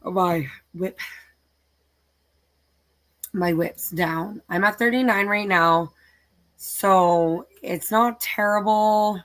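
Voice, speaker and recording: A woman's voice: mid-range voice, slow pace, a bit bright. A middle-aged woman hosting a casual craft live stream, chatting and listing her projects aloud in a tired, easygoing way. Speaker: craft channel host.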